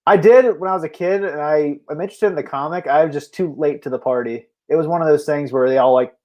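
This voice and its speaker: Chatty man with a slightly high voice. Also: quick pace, lo-fi sound. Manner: chatty storyteller, laughs often. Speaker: co-host. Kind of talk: casual chat.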